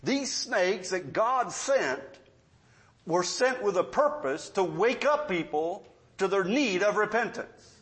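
Middle-aged pastor, high voice, folksy storytelling preacher who drops to hushed asides. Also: male voice, expressive, takes it slowly. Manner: storytelling preacher, swings between loud emphasis and quiet asides. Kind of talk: sermon.

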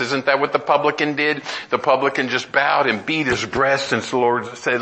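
A man's voice: medium pitch, moderate pace, hardly any pauses, pushed and bright, low-quality recording. A middle-aged man preaching a sermon, earnest and emphatic, often restarting and climbing to exclamations.

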